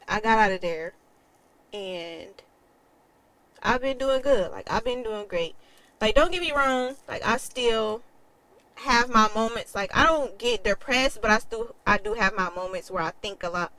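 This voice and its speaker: A woman's voice: medium pitch, measured pace, bright, forceful tone, poor audio. A young adult woman telling a personal story in a candid, emotional way, with casual swearing. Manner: quotes others in a changed voice. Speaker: vlogger.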